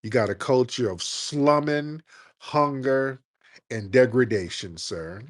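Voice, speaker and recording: A man's voice: mid-range voice, no room sound. Male host, combative and mocking, dry close sound, mid-range voice. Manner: combative, mocking, rapid-fire insults. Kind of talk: live call-in stream debate.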